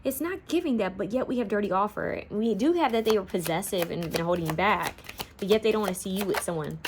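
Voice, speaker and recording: A woman's voice: mid-range voice, fast talker, noisy background. A woman giving a casual, rambling pick-a-card tarot reading, now and then singing bits of songs. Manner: chatty, rambling, sings song snippets.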